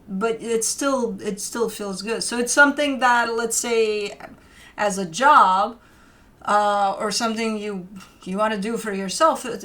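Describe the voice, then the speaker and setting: A young woman reads tarot cards in a loose, conversational way. She rambles and restarts often, filling pauses with little ums. Her voice sits at an ordinary middle pitch for a woman. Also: pushed and bright. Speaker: tarot reader. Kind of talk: casual spoken tarot reading.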